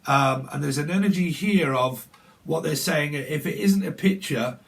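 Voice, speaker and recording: A man's voice: on the high side, normal speed, vocal fry. Rambling man giving a reading. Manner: rambling, laughs between lines. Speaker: tarot reader. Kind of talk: casual psychic reading.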